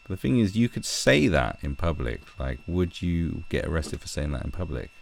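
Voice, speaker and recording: A man's voice: a bass voice, expressive, moderate pace, vocal fry. A British man hosting a livestream, reading news aloud and ranting about it in a sweary, exasperated way. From Britain. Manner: sweary, exasperated, reads articles aloud and riffs on them. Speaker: livestream host. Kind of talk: casual ranting commentary. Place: home, fiddling with a screwdriver.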